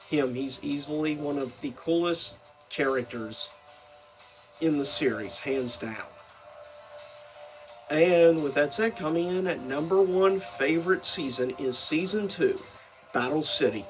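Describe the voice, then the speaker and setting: A man's voice: a little high, fairly bright tone, recorded from a distance, low-quality recording. A man giving a casual, rambling commentary as a video host, full of fillers and self-corrections. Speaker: video host ranking seasons of a cartoon.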